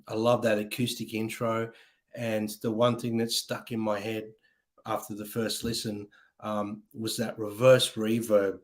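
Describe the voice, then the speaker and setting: A man hosting a casual music chat show, talking with enthusiasm and rambling with many ums. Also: on the low side. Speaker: podcast host.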